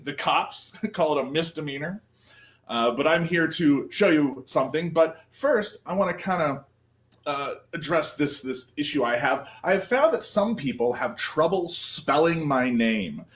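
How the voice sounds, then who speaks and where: Goofy, joking man performer. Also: fairly high pitch. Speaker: comedy variety performer. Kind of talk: comic bit on a livestream.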